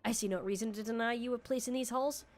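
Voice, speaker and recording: A woman voicing a gruff male guildmaster as she reads game dialogue aloud on a stream, pushing her voice down to sound rougher. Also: on the high side, fairly even intonation, fast talker, lightly acted. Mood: instructive. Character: gruff male guildmaster, brusque then welcoming.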